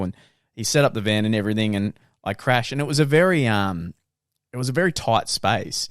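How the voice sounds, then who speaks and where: A young man, co-hosting a podcast and telling animated stories. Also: fairly low pitch, brisk, clean tone, dry recording, clean studio sound. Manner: animated storyteller. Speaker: podcast co-host. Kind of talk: casual chat.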